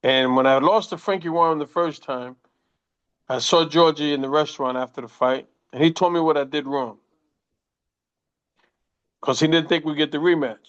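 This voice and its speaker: A man in his sixties, a former boxer, telling profane, animated stories in a casual interview and quoting people as he goes. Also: a little high, moderate pace, pauses often. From United States. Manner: profane, animated anecdotes with quoted voices. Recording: muffled lo-fi audio.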